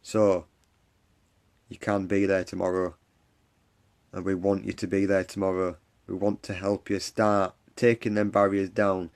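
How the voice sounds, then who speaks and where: A man's voice: sits low, little pitch movement, a little slow, smooth. A man hosting a live stream, giving an earnest, repetitive pep talk and answering viewers' comments. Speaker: live stream host for a support group. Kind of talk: encouraging livestream talk. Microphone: phone or webcam on a live stream.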